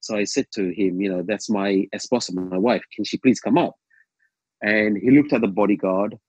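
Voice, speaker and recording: The man's voice sits on the low side and sounds husky, moving at a moderate pace with no room sound and the highs cut off. As a guest, he tells a long casual story that rambles, full of ums and restarts and spiced with lively quoted asides.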